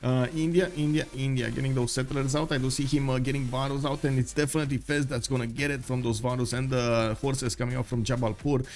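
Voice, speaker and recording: A man's voice: medium pitch, quick pace, hardly any pauses. A man giving live commentary on a strategy video game, talking through it with many fillers and sudden bursts of surprise. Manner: many fillers, thinking aloud, bursts of excitement. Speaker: esports caster.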